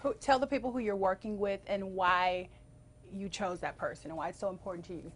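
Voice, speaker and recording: A woman's voice: mid-range voice, brisk, a little hiss or hum. A woman TV interviewer who reacts briefly and prompts her guest with questions. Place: TV station interview.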